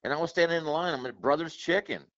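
A man's voice: a little high, quick pace, a bit bright. A man co-hosting a podcast, chatty and telling anecdotes while acting out other people's lines. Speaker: podcast co-host. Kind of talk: casual comedic storytelling. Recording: dry, dull lo-fi podcast audio.

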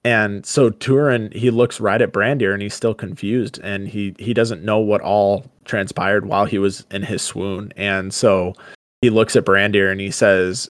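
A man with a fairly low voice co-hosts a casual podcast and retells a story in his own words. He drops into the characters' lines now and then. The sound is dry and close. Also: fairly even intonation, measured pace, dry recording. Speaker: podcast co-host. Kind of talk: casual book discussion and retelling.

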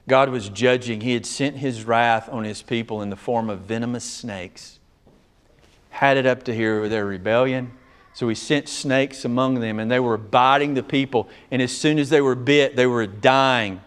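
A male preacher with a drawl delivers a sermon full of drama. He rises to loud, raised passages, then drops to near-hushed tones. His pitch sits in a middle range for a man. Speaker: pastor.

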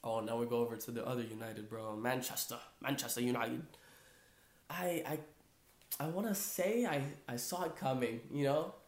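A man's voice: mid-range voice, normal speed. Chill guy rambling about soccer, tons of "like" and "bro", echoey room. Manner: loose, rambling, filler-heavy, says "bro" and "like" a lot. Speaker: podcast host. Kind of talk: casual sports chat.

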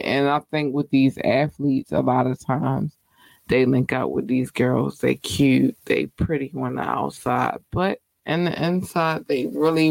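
A woman hosting her own podcast, talking casually in slang and giving affectionate shout-outs to her listeners. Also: very deep voice, creaky, dry recording, low-quality recording. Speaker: podcast host. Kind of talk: casual solo podcast chat.

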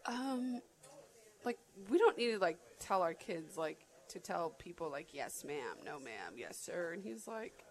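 A woman's voice: fairly low pitch, very animated, measured pace, poor audio. A woman in her thirties from Arizona, chatting casually as a podcast co-host and rambling with lots of filler words and restarts. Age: 30s. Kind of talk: casual chat.

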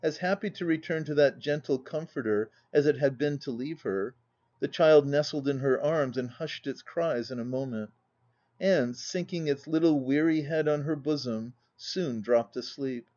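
A man reading a classic novel aloud as an audiobook narrator, telling the story in a measured, even way. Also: a little high, muffled recording. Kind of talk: scripted narration.

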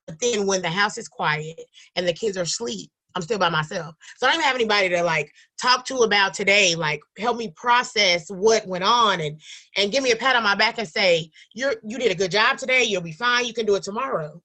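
A woman with a bright, clear voice talks openly about raising children alone. She speaks earnestly and emotionally, sometimes close to tears, then laughs it off. She sounds like a young adult in casual conversation. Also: mid-range voice, fairly quick. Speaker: guest, single mother running a support group.

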